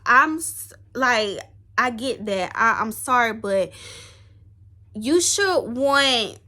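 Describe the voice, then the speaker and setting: A woman's voice: a little high, lively intonation, slow, pushed and bright. A young woman talking to the camera in a rambling, heartfelt personal vlog. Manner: rambling, heartfelt, tearful at times. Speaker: vlogger.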